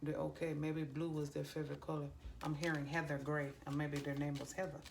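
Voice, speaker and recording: A woman doing a psychic card reading for viewers, pausing often with ums and restarts as she relays messages she hears. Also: sits low, flat delivery, creaky. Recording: faint background noise.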